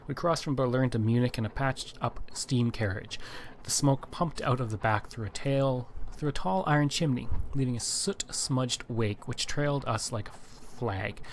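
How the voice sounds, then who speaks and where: A man's voice: medium pitch, moderate pace. Let's-play host: man with a middle-range voice, theatrical reading of game narration, light hiss in the recording. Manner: reads narration with mock-dramatic flair, self-deprecating asides. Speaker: gaming channel host.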